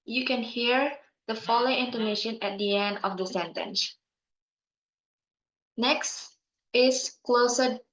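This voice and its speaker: Slow, careful young woman. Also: on the high side, fairly bright tone. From Indonesia. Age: young adult. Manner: slow, careful, with pauses and fillers. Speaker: student presenter. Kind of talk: recorded class presentation. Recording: muffled sound in an echoey room.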